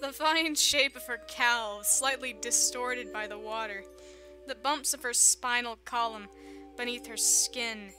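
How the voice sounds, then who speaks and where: A woman's voice: on the high side, a little slow, over music. A woman reading a visual novel's text aloud with joking, sarcastic commentary, often laughing.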